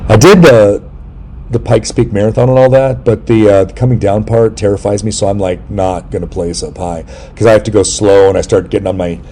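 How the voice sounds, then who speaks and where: A middle-aged man hosting a casual interview chat, telling rambling, jokey stories and breaking into sudden loud yelps. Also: fairly low pitch, steady tone, a little fast. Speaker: podcast host.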